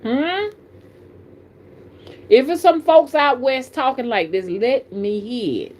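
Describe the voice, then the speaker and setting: A woman's voice: high-pitched, slow pace. A middle-aged woman from the American South with a Southern accent, a spiritual reader chatting casually to her live-stream viewers in a folksy way. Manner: folksy, animated, addresses viewers as y'all. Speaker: spiritual reader and channel host.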